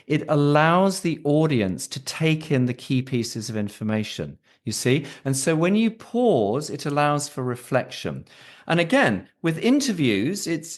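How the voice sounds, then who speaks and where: A man with a British accent, a voice coach explaining his methods in an expressive, coaching way during a podcast interview. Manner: expressive, coaching tone with lively pitch. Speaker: executive voice coach.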